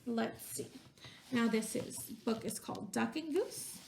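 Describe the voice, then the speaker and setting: A woman's voice: on the high side, unhurried, vocal fry, a little mellow, slight background noise. A woman teacher reading a picture book aloud to young children, stopping to ask questions and using voices for the characters.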